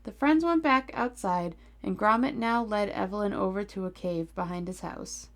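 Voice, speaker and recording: A woman hosting a podcast, reading a children's story aloud into a desk microphone. Her voice has a gravelly edge, and she breaks off into playful, teasing asides. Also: medium pitch, normal speed.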